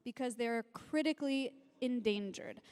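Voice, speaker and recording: Excited woman on a reverberant stage. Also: on the high side, normal speed, smooth. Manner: excited, gushing, emotional. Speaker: sanctuary founder presenting on stage. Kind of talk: live-streamed stage announcement. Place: large convention hall with live audience. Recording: long hall reverb.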